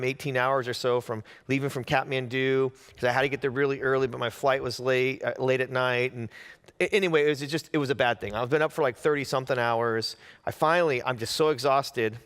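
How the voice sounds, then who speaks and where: A pastor telling a lively sermon story. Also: male voice, medium pitch, smooth, long reverb tail. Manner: animated storytelling with acted-out quotes.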